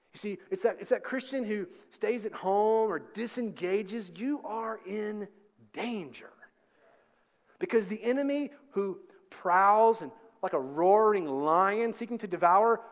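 High-voiced preacher in a reverberant hall. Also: male voice. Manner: preaching with rising emphasis, rhetorical questions. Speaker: pastor. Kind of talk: sermon.

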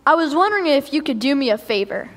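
A woman playing an eager, creative young boy in a church skit, talking in a chatty, excitable way. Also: high voice, quick pace, big-room sound, a little hiss or hum.

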